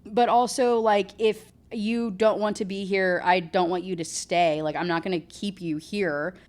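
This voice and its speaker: A woman voicing a kind, calm young prince in a gentle, easygoing way while retelling a book. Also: mid-range voice, a little slow, close to an everyday voice.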